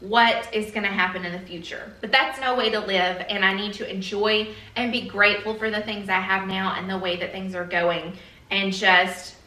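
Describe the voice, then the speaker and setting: A woman vlogger talks earnestly to camera with a bright tone and many fillers. Her voice sounds a little emotional. The room is echoey, and she sits some way from the mic. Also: mid-range voice, recorded from a distance. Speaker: beauty vlogger. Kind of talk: casual chat to camera.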